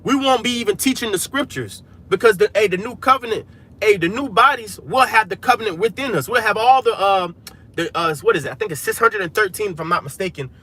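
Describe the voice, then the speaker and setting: This man's voice is high-pitched and husky with a sharp tone, and he talks fast. Sitting in a vehicle, he livestreams casual street-style preaching, pressing his points hard and dropping "man" and "hey" throughout.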